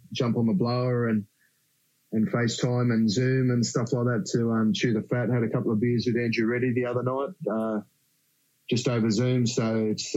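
Australian male guest, lowish monotone, dry and slightly muffled, easygoing and rambling. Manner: rambling, easygoing, laughs often. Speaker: podcast guest. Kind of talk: casual interview chat. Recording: slightly dull lo-fi sound.

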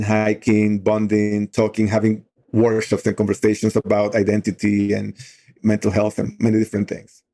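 Low, mellow-voiced man telling a story. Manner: loose, many "you know" fillers. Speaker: youth outdoor program leader. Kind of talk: conversational storytelling.

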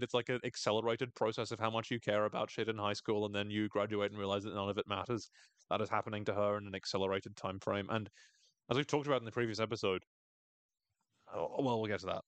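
A man's voice: fairly low pitch, fairly even intonation, quick pace, dry recording. A man hosting a podcast, recapping a TV episode in a casual, irreverent way, swearing and laughing often. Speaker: podcast host.

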